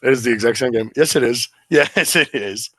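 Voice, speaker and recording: A young American man co-hosting a casual podcast chat, animated and saying dude a lot. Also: mid-range voice, moderate pace, breathy edge, no echo. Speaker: podcast co-host.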